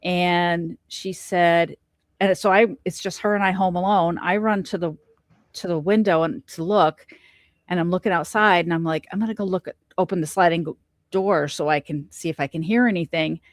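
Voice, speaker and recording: A middle-aged woman tells her story as a guest on a podcast, slipping into the voices of the people she quotes. Her voice sits a little low, and the sound is close and dry with no room around it. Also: moderate pace, no room sound. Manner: animated storyteller, acts out quoted lines. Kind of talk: casual storytelling interview.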